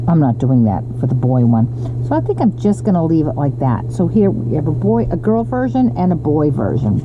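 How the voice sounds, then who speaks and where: Chatty woman demonstrating a craft, lo-fi. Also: deep voice. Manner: chatty, with frequent ums and self-corrections. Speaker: card-making demonstrator. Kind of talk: casual craft tutorial. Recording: lo-fi with audible background noise.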